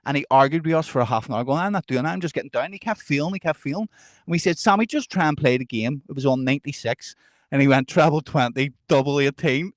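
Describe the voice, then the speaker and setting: A man co-hosting a podcast, telling stories in lively bursts and breaking into laughter as he goes. His voice sits a little high, and the recording sounds dry and close. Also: fast talker, no room sound. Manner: animated, laughs through stories, swears freely. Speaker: podcast co-host. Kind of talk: casual storytelling chat.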